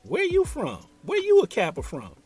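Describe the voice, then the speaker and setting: A man's voice: very high-pitched, huge pitch swings, moderate pace, a little mellow, soft background music, pitched above the performer's own voice, heavily acted. A man voicing an eager, chatty young woman in a story. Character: young woman, excited and forward.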